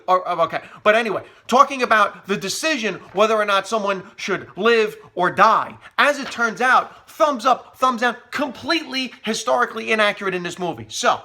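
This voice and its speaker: A middle-aged man delivering a sarcastic, humorous rant, often mocking people in quoted asides. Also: high-pitched. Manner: sarcastic, animated, mock quotes. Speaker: commentator.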